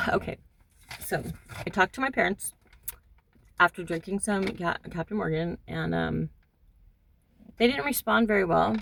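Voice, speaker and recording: Gravelly-voiced middle-aged woman, halting and reflective. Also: on the low side, fairly bright tone, slight background noise. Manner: halting, reflective, many pauses and fillers. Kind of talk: personal monologue. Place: in a hot car.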